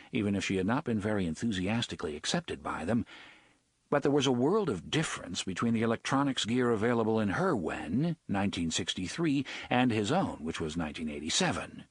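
Male audiobook narrator, husky, lively intonation, dry close studio sound. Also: on the low side, no echo. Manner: expressive, dramatic storytelling. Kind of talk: scripted narration.

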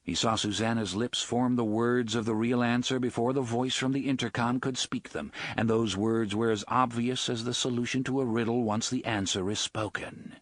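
A man giving an expressive, dramatic audiobook narration on a close studio mic. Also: mid-range voice, normal speed, hardly any pauses, dry recording.

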